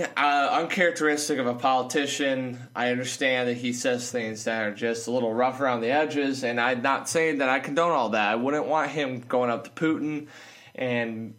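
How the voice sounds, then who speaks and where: A vlogger with a medium-pitched, slightly bright voice rants his opinions casually in an echoey room. He's sarcastic and mocking, rambling and restarting many times.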